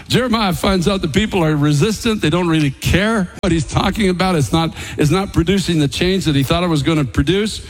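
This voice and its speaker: A man's voice: high voice, rough recording. A man preaching a sermon as pastor, emphatic and paraphrasing scripture with light chuckles.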